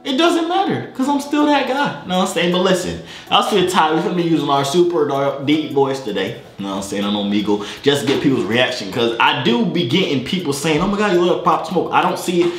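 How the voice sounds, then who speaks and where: Young male vlogger, high voice, hyped slangy jokes, roomy echo. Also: a little fast, few pauses, faint music behind. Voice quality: high-pitched for a man. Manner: lively, joking, hyped-up slangy vlog talk. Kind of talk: casual vlog.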